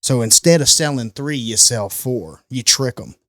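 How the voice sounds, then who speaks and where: A man's voice: medium pitch, normal speed, no echo, studio quality. A man from St. Louis telling stories as a podcast guest in casual chat, acting out other people's voices and swearing casually. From St. Louis, USA. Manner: animated storyteller, acts out quoted voices, laughs often, swears casually.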